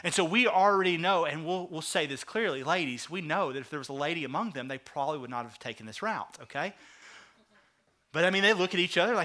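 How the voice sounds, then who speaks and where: A male pastor preaching a sermon, retelling the story with lively acted-out asides. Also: fairly high pitch. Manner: animated storytelling, acting out the characters in quick asides.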